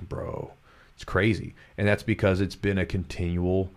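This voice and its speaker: Deep and fairly flat in pitch, this podcast host talks a little slowly. He's a jiu-jitsu coach from Kentucky who has trained away his twang for a neutral American accent, and his casual chat is earnest, motivational, and full of repetition.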